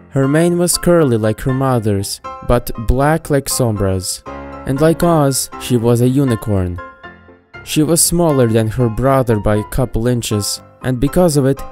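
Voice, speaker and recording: A woman reads a storybook aloud at a steady, even pace. Her voice is very deep and dark, with a mellow tone. Faint music plays behind her. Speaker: narrator. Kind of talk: storybook narration of fan fiction. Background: faint background music.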